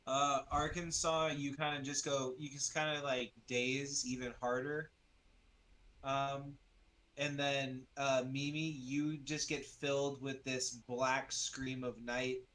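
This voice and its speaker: A man's voice: medium pitch, little pitch movement, takes it slowly, a bit bright. A man narrating a tabletop role-playing game as game master, loose and rambling, full of fillers.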